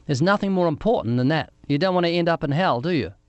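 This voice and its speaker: A man's voice: a little high, animated, quick pace, dry recording. A man with a New Zealand accent, questioning a young woman on a phone line with light teasing. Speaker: street evangelist.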